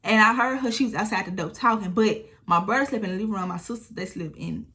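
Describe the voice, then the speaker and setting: A young woman, telling a storytime vlog in a casual, animated way, acting out what people said. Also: medium pitch, fast talker. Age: 20s. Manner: animated retelling, acting out quotes, frequent swearing. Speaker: storytime vlogger.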